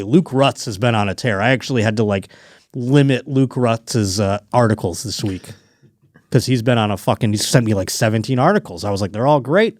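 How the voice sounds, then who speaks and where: A man hosting a comedic podcast alone, riffing in an animated, profane way and slipping into mock voices. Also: fairly low pitch, no room sound, studio quality. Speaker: podcast host.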